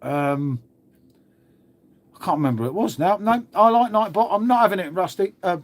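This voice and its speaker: Here a livestream host in a chatty mood responds to his audience's comments, tossing "mate" into nearly every line. The man's voice sits high and sounds expressive, moving at a moderate pace.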